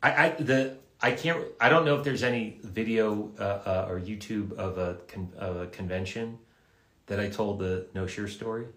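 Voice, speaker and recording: A man, a voice actor, casually telling stories and answering fans' questions in a live session, in a halting way with frequent restarts and repeated words. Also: fairly low pitch, a bit bright. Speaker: voice actor guest at an autograph livestream. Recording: roomy echo.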